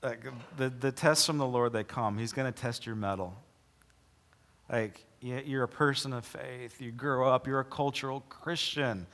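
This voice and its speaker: Joking casual pastor preaching. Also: male voice, mid-range voice, fairly even intonation, fairly bright tone. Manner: casual, joking asides between slow dramatic scripture reading. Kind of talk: sermon.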